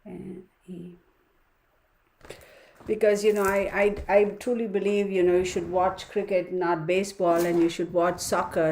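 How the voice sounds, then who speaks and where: A woman's voice: medium pitch, level tone, measured pace, darkish tone. A woman hosting a casual tarot livestream, chatting with viewers and muttering numbers under her breath as she works. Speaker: tarot reader livestream host.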